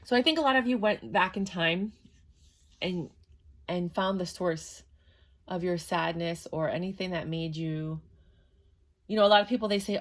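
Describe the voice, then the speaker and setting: A woman's voice: on the low side, moderate pace, long pauses. A woman giving a casual, chatty tarot reading to camera, talking in a matter-of-fact way with lots of fillers. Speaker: tarot reader.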